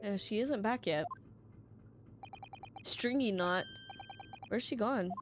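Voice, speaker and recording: A woman's voice: mid-range voice, slow pace, background noise. A young woman streaming a video game, chatting casually and giggling between lines. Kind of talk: casual live-stream commentary.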